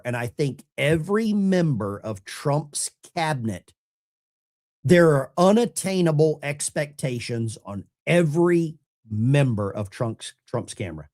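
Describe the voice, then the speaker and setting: A man hosting a live call-in show, taking callers and chatting casually in an animated, rambling way. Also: a little high, a little slow.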